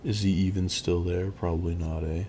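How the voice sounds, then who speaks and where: Low, mellow-voiced male game streamer. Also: flat delivery, a little hiss or hum. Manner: rambling, reads and answers chat aloud, quick chuckles. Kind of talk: casual live-stream chat.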